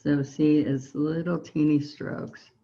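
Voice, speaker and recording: A woman with a Southern US accent teaches a relaxed painting tutorial, gently encouraging as she talks through each brushstroke. Her voice sits low and she takes it slowly, on lo-fi sound.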